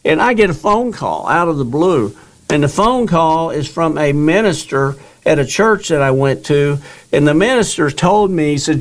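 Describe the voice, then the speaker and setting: A man's voice: fairly high pitch, lively intonation, normal speed. A middle-aged man earnestly telling a long personal story in a casual interview, rambling, repeating words and quoting what others told him. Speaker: guest telling his story.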